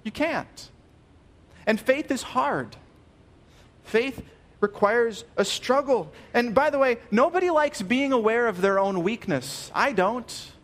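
High-voiced earnest male preacher. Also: lively intonation, a little slow, a bit bright. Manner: earnest, emphatic, repeats key phrases. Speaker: pastor. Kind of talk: sermon.

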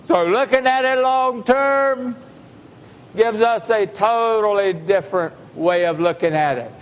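A man's voice: high voice, unhurried. A man preaching a sermon to a congregation, emphatic and full of rhetorical questions. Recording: long hall reverb.

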